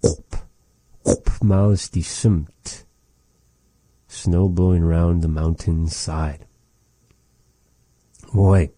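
A man giving a casual vocabulary lesson, repeating each word slowly and adding chatty, joking asides. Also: low-pitched, fairly even intonation, mellow, no echo. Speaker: language teacher.

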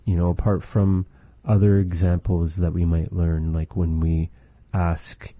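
A man with a low, dark voice gives a language lesson at an unhurried pace. He speaks in a measured way and repeats each phrase so it can be copied. The sound is dry and close. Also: flat delivery, no room sound. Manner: measured, repeats phrases slowly to model them. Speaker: language teacher.

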